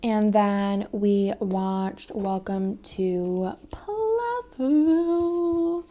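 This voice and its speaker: Brief: young woman planner vlogger, very creaky fry, rambling casual chat, now and then whispers. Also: mid-range voice, fairly even intonation, moderate pace, a little mellow. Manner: chatty, rambling, many fillers; drops to a whisper at times.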